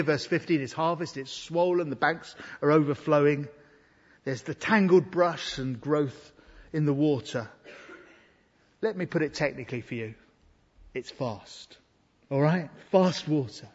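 A man's voice: a little high, husky. A man preaching an earnest, emphatic sermon to a congregation. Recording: dull sound in a reverberant hall.

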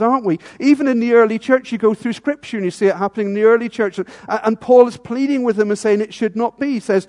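A man preaching a sermon in a church, earnest, asking rhetorical tag questions and dropping into hushed tones. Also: sits high, fast, hardly any pauses, in a large hall.

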